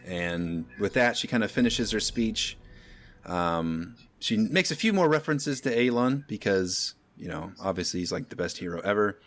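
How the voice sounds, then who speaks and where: A man narrating a tabletop game as game master in a relaxed, rambling way, often pausing with fillers. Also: lowish voice, faint music behind.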